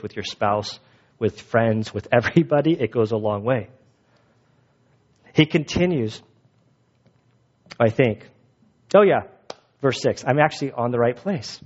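A man's voice: mid-range voice, darkish tone. A man preaching a sermon, telling personal stories in a casual, rambling way that often breaks off mid-sentence. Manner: casual, rambling, self-interrupting. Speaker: pastor. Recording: dull muffled sound.

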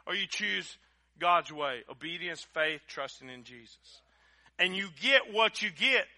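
Male pastor, sermon, higher voice with a sharp, driving edge, folksy, swings loud to hushed. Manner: swings from loud emphatic preaching to quiet, close appeals; folksy, conversational, with direct address to the congregation. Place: church service.

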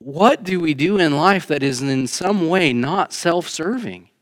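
A man's voice: fairly high pitch, expressive, measured pace. Man preaching a conversational sermon. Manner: conversational preaching, rising emphatic then quiet asides. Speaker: pastor. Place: church sanctuary.

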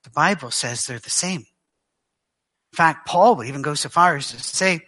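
A middle-aged man from Scotland with a Glaswegian accent, preaching a guest sermon to a church, telling stories with dry humor and halting restarts. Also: fairly high pitch, bright, forceful tone. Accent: Glaswegian Scottish.

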